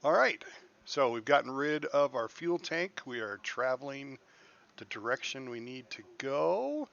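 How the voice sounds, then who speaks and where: Bright-voiced man commentating a game. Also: medium pitch, big pitch swings, a little slow, gravelly, lo-fi sound. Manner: explains moves as he plays. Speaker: gaming streamer.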